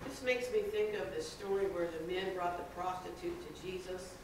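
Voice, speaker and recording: A man in a church class offering a casual, soft-spoken comment with "you know" fillers. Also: sits high, steady tone, moderate pace. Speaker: class member. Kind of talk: comment from the audience. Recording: distant, echoey, loud noise.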